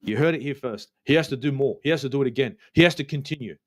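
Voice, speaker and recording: A man's voice: medium pitch, quick pace. A man with an Australian accent, co-hosting a football fan stream and ranting bluntly with plenty of swearing. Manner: blunt, profane, worked-up. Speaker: co-host. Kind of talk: heated fan rant.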